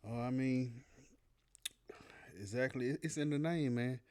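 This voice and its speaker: A man's voice: medium pitch, fairly even intonation, a little slow, darkish tone, smooth. A man co-hosting a podcast, talking in a laid-back, slangy way with lots of restarts. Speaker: podcast co-host, production company owner. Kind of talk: casual podcast chat. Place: Atlanta.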